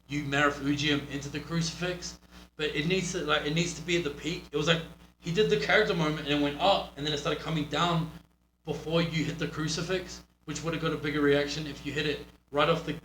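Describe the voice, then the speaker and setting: A man's voice: on the high side, fairly even intonation, brisk, fairly bright tone. A man with a New Zealand accent, a pro wrestler giving a blunt, profane critique of a match. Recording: roomy echo with faint hum.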